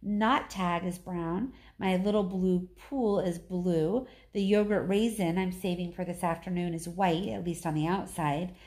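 A woman, a teacher, reading a children's novel aloud in steady first-person narration with small slips and restarts. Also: fairly low pitch, measured pace, hardly any pauses.

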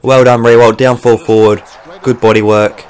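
A young Australian gaming YouTuber does let's play commentary over his own football video game, swearing and getting worked up as he plays. His mid-range voice moves at a normal speed with a clean tone, and he's excitable, with bursts of frustration.

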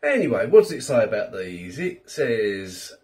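A man's voice: fairly low pitch, big pitch swings, moderate pace, a little mellow, far from the mic. A middle-aged British man hosting a casual food review, chatty and self-deprecating with rambling asides. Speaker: food reviewer, channel host.

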